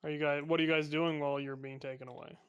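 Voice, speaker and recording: A man's voice: on the high side, level tone, quick pace, a bit bright, clear, resonant tone, muffled recording. A man narrating a tabletop game as game master, casual and a bit crude.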